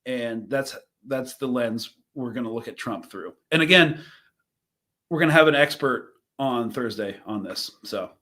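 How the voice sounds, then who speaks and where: A man's voice: medium pitch, unhurried, sharp tone. A young man hosting a live show, commenting casually on news clips, rambling and thinking aloud with fillers and restarts. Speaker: host reacting to news clips.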